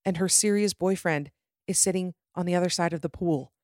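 A woman's voice: lowish voice, a little fast, no echo, studio quality. A woman hosting a show, sarcastically recapping a reality TV series and slipping into mocking impressions of the cast. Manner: sarcastic, lively, mimics people in funny voices. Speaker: host of a reality TV commentary show.

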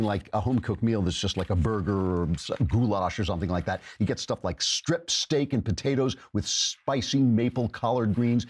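Sarcastic husky talk host. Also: male voice, medium pitch. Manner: sarcastic, mocking, animated. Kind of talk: political talk show with ad read.

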